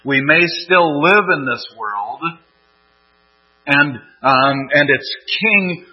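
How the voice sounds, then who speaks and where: Husky-voiced man preaching a sermon. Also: mid-range voice, lively intonation. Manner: measured teaching tone with frequent fillers and restarts. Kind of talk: expository sermon. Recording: dull lo-fi sound.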